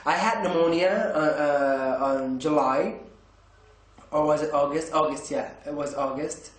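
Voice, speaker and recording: A man tells a story to camera in a casual vlog, his voice sitting a little high. He rambles, stumbling and restarting his phrases. The room around him rings with noticeable echo. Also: measured pace. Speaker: vlogger.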